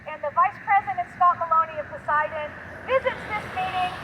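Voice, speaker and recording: A woman's voice: very high voice, a little fast, background noise. A middle-aged woman, a community activist, talking earnestly and conversationally outdoors by a street, with small restarts. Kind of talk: outdoor advocacy statement.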